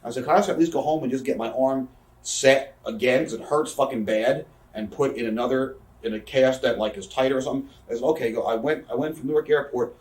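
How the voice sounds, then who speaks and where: A man in his thirties, a guest on a shoot interview, tells profane stories rapidly and acts out what other people said. His voice is medium-pitched and darkish. He's far from the mic, and the room adds a roomy echo.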